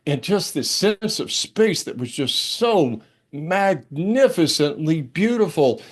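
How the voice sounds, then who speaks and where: An older man, a minister, telling a personal story during a church sermon, expressive and conversational, dropping to a hush and rising with excitement. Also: fairly high pitch, measured pace. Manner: expressive, dramatic storytelling with big swings between hushed and excited; conversational, with fillers and restarts. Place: church service.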